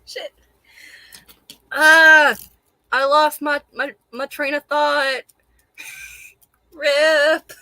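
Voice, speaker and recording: A woman's voice: sits high, level tone, drawn-out words, pauses often, pushed and bright, no room sound. A young woman from Charleston with a light Southern accent, ranting casually to camera with lots of laughter and swearing, hot and a little out of breath. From Charleston, South Carolina. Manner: profane, laughing often, rambling and emphatic. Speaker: vlogger.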